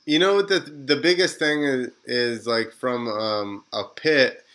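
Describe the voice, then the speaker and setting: A man's voice: medium pitch, unhurried, sharp tone, poor audio. A man hosting a casual podcast, easygoing, laughing along and asking questions. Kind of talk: casual chat.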